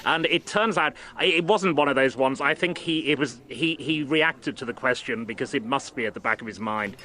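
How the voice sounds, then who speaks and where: A man's voice: mid-range voice, normal speed, bright, forceful tone. A male radio presenter telling a self-mocking anecdote in chat, with hesitant restarts.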